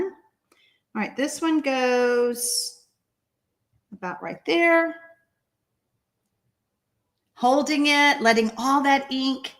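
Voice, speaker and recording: A woman with a Texan accent teaching a live card-making tutorial, chatty and excitable, reading out viewer comments as she stamps. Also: high-pitched.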